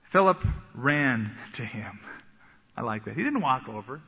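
A man preaching a sermon, animated and acting out the voices he quotes. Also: medium pitch, measured pace, creaky, slight background noise. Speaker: pastor. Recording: echoey hall, dull sound.

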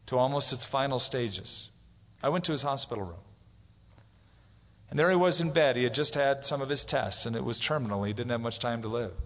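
A man's voice: mid-range voice, a bit bright. A man preaching a sermon as pastor, telling stories and acting out the voices of the people he quotes. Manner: storytelling, acts out quoted voices. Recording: long hall reverb.

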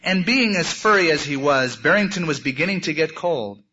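Preacher guy reading a storybook in a sermon, a bit high voice, expressive. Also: moderate pace, a little hiss or hum. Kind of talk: sermon with a read-aloud story. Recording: muffled lo-fi recording.

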